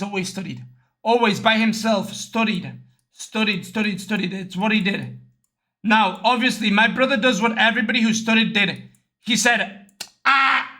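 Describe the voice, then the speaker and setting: A young man streaming, chatting casually and telling animated stories with lots of swearing, raising his voice to act out other people. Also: high voice. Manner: animated storytelling, acts out others in raised voice, swears often. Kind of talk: casual livestream chat.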